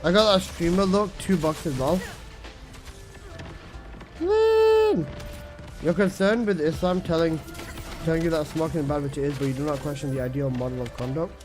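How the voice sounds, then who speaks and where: A man's voice: a little high, steady tone, fairly quick, faint music behind. A young man chatting casually on a game stream, joking crudely and laughing at his own lines. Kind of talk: casual live-stream chat.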